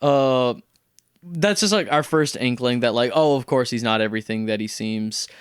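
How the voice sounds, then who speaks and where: Man, podcast co-host, casual movie chat, rambling plot recaps, smooth resonant voice, dry close sound. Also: mid-range voice, moderate pace, no echo.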